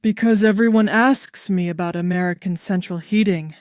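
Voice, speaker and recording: A woman's voice: fairly low pitch, normal speed, darkish tone, no echo, clean studio sound, lightly acted. A woman reading a frank society lady. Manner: frank and direct. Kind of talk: storybook dialogue.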